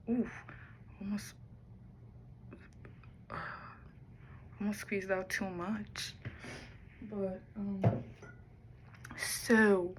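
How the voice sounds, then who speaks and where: A woman's voice: medium pitch, slight background noise, low-quality recording. A woman talking to the camera in a rambling personal vlog, musing aloud and drifting between topics. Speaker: vlogger.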